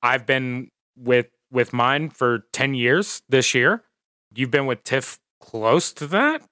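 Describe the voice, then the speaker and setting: A man in his thirties co-hosting a podcast, chatting casually, animated and emphatic, laughing often. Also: mid-range voice, slow pace, no echo, clean studio sound. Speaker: podcast co-host. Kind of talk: casual chat.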